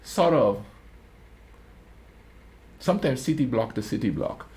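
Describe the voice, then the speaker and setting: A man hosting a reaction video, chatting in a relaxed, emphatic way about accents. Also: mid-range voice, measured pace, low-quality recording. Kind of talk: casual commentary. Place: lives in West Virginia.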